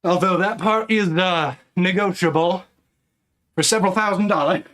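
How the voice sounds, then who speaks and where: Man, streamer, breathless, counting reps aloud, raised pitch, slow talk. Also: a bit bright. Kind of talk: casual live-stream chat.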